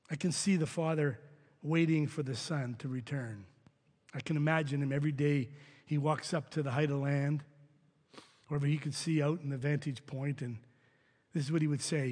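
A man's voice: fairly high pitch, a little mellow. A man preaching a sermon in a church, earnest and often repeating words as he goes. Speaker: pastor. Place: church sanctuary. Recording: reverberant hall sound.

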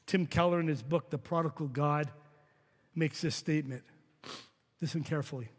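A man's voice: fairly high pitch, normal speed, pauses often. A man preaching a sermon in a church, earnest and often repeating words as he goes. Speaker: pastor. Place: church sanctuary. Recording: reverberant hall sound.

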